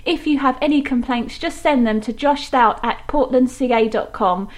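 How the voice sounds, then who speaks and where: High-voiced woman reading a podcast outro. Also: moderate pace. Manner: upbeat, promotional. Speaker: show announcer. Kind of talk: scripted outro read.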